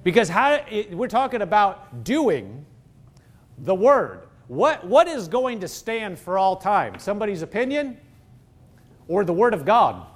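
A man's voice: sits high, sing-song, measured pace. A man preaching a sermon as pastor, emphatic, throwing rhetorical questions at the congregation.

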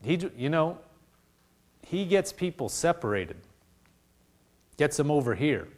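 A male pastor preaching a sermon in a conversational way, acting out little dialogues and dropping to hushed intensity. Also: on the high side, slow. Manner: animated preaching, acts out voices of God and people.

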